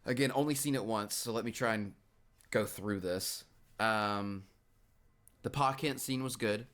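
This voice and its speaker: Man, podcast co-host, casual film chat, hesitant, reflective, pauses often, low voice. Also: a bit bright. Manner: hesitant and reflective, many fillers.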